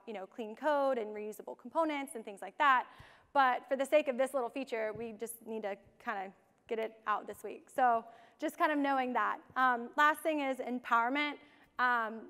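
A woman's voice: on the high side, fairly bright tone, clear, resonant tone. A young woman giving a casual conference talk, full of ums and you-knows. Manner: casual, many fillers like um and you know. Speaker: conference speaker. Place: large conference hall. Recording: long hall reverb.

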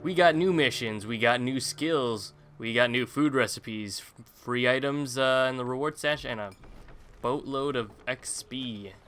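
A man's voice: mid-range voice, a little slow, a bit bright, soft background music. A man casually commentating his own gameplay, rambling with jokey self-mocking asides. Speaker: gaming YouTuber. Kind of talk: casual let's-play commentary.

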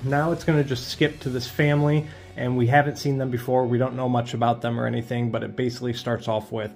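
A man's voice: medium pitch, quick pace, creaky, faint music behind. Laid-back man recapping a comic. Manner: relaxed and conversational, with fillers. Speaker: comic book YouTuber. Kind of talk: casual comic book recap.

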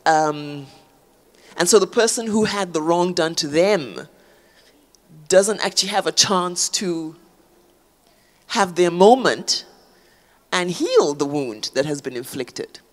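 A woman talks through an idea in front of an audience. She works her way toward each point with ums and restarted phrases, in a measured, reflective way. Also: on the low side, lively intonation. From South Africa. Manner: thoughtful, frequent fillers and restarts. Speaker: author guest. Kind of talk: public conversation on stage.

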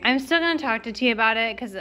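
With the hiccups, a young parent vlogger rambles through a casual home update full of fillers, restarts, and self-corrections. Her high, bright voice is animated, fast, and forceful, and the dull audio carries faint music behind her.

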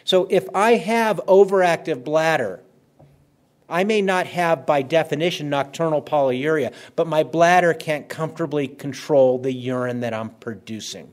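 A man's voice: on the high side, normal speed. A man giving a conversational medical lecture, stressing key words and repeating them for emphasis. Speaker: physician lecturer.

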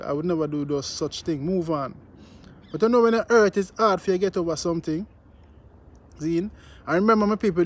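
A man's voice: on the high side, slight background noise. A man with a Jamaican accent giving casual commentary on his vlog, repeating himself and often asking "you know what I mean". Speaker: news vlogger.

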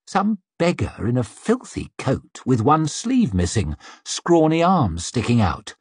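Expressive husky male audiobook narrator. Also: mid-range voice, measured pace, no room sound, studio quality. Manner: expressive, slipping into the maid's sneering inner voice.

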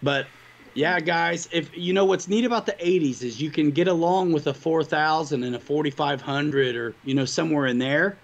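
A man's voice: a little high, normal speed, gravelly, dull audio. A man co-hosting a livestream, chatting casually and upbeat with viewers. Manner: upbeat, rambling, hobby talk to viewers. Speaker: livestream co-host. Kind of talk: casual chat.

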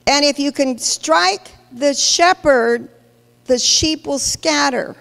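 A woman's voice: sits high, takes it slowly, vocal fry, fairly bright tone. A woman pastor preaching a sermon, emphatic and questioning the congregation directly. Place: large church hall. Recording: long hall reverb.

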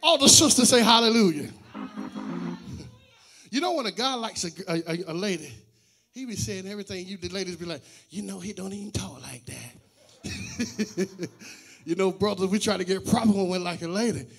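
A middle-aged man, a pastor, preaching a sermon with loud shouted and sung lines that drop into quiet joking asides. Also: high voice, brisk. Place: church sanctuary.

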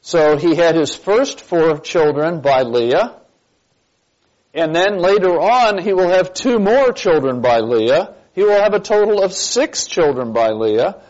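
A man's voice: a little high, expressive, measured pace, darkish tone. A man teaching a church Bible class, stressing key points and quizzing his listeners with questions. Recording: dull lo-fi recording.

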